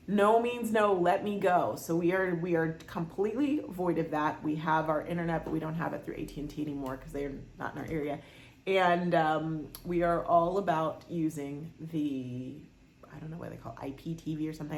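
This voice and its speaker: Chatty woman podcaster in an echoey room. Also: fairly low pitch. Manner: chatty, animated, exasperated asides. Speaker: podcast host. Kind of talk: casual solo podcast chat.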